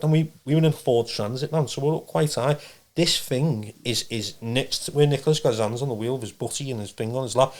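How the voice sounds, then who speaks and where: Fast, rambling man telling a story, blunt and full of restarts. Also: medium pitch. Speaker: podcast guest, medium. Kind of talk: casual storytelling.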